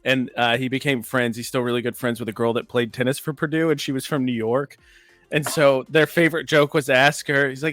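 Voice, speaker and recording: A man's voice: mid-range voice, steady tone, brisk, fairly bright tone, no echo, soft background music. A man co-hosting a casual podcast, teasing his partner while running the timer of a quiz game. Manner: teasing, runs the timer like a quizmaster. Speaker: co-host.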